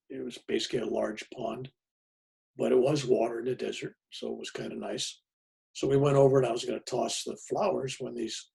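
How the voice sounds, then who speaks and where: A man tells a personal story in a plain, folksy way. His voice is heavily gravelly and rough, and the tone stays raspy throughout. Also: mid-range voice, a little mellow. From United States. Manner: plainspoken and folksy, with many fillers and restarts. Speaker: pastor.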